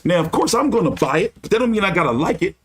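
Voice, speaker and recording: A man putting on an impression of a famous older boxing promoter, with a booming, drawn-out, theatrical preaching delivery. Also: sing-song, slightly rough, heavily acted. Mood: indignant, grandiose.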